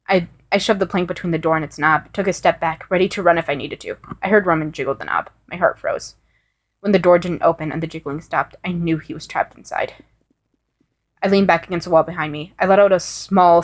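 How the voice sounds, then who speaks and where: A woman's voice: fairly low pitch, fairly quick. A woman reading first-person fan fiction aloud in an earnest way, with small restarts. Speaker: story reader.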